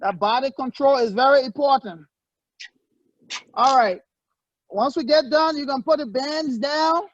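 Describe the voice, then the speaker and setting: A male fitness coach leading a workout, energetic and barking short encouraging commands, on a muffled lo-fi recording. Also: very high-pitched.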